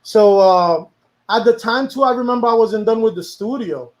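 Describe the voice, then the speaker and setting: A man's voice: high voice, moderate pace, poor audio. A man, a music producer, talking casually about making a song, rambling and slipping into Spanish now and then. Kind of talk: casual chat.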